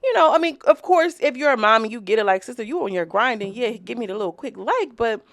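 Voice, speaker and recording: A woman's voice: fairly high pitch, expressive, quick pace, fairly bright tone, no echo. A woman reviewing a reality show episode in a casual vlog, chatty, rambling and profane as she talks straight to her viewers.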